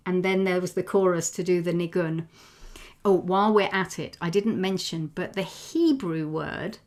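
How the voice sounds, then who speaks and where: Unhurried woman teaching a melody. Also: mid-range voice. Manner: unhurried, teaching melodies by humming and singing them. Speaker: presenter of a song talk. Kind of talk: online talk with sung demonstrations.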